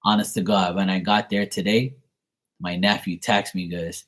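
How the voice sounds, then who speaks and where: A man's voice: low voice, level tone, normal speed, a bit bright, low-quality recording. A man hosting a tarot reading live stream, telling profane, chatty anecdotes. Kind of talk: casual live-stream storytelling.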